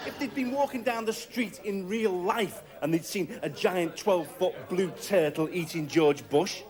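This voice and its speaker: A man's voice: on the high side, expressive, a little slow, hardly any pauses, crowd noise. A man doing a sardonic stand-up comedy monologue, chuckling at his own jokes. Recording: noisy recording, laughter behind.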